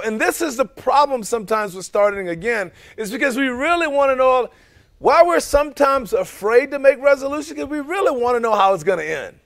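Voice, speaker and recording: A man's voice: very high voice, animated, a little fast, creaky, a bit bright. A man pastor preaching a sermon, emphatic and full of rhetorical questions to the congregation.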